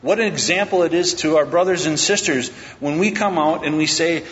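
A man's voice: brisk, a bit bright. A man preaching a sermon, retelling a Bible story in a conversational way and acting out the characters' lines. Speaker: pastor. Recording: echoey lo-fi hall recording with faint rumble.

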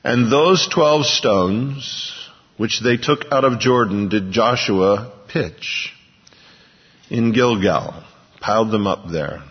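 A man preaching a sermon, reading scripture slowly and building to emphatic bursts. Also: on the low side, slightly rough. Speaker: pastor. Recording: dull, lo-fi with long hall reverb.

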